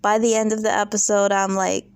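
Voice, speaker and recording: A woman's voice: mid-range voice, little pitch movement, fairly quick, darkish tone, smooth, no echo. A woman hosting a casual reality TV recap, opinionated and sarcastic. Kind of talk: casual commentary vlog.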